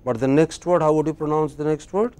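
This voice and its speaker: A man's voice: fairly high pitch, steady tone, brisk, darkish tone, smooth. A man with an Indian English accent teaching English word stress in a classroom lecture, quizzing his students.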